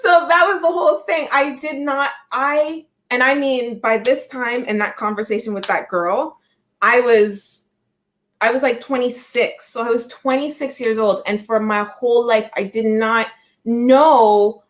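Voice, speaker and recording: This woman in her thirties hosts a psychic livestream, her Canadian accent reflecting her upbringing in Canada after being born in Jamaica. Her voice sits on the high side at a measured pace, and she chats casually, rambling through animated stories with frequent restarts and laughter.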